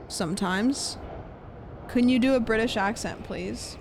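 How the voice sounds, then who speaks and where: A young woman streamer chatting casually while gaming, rambling with lots of fillers and trailing off quietly. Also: on the high side, measured pace, a little hiss or hum.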